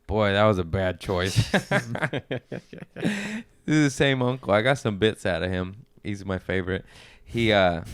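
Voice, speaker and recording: A man's voice: fairly low pitch, lively intonation, a little slow, clean tone, no echo. A man, a comedian guest on a podcast, telling rambling, profane stories in casual chat.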